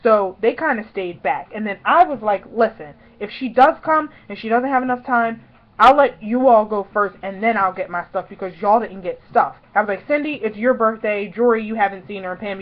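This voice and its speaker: Woman in her twenties, casual vlog storytelling, lots of "like", loud replayed lines, muffled lo-fi sound. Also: medium pitch. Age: 20s. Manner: chatty, fills talk with "like", acts out her own past lines loudly. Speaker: vlogger.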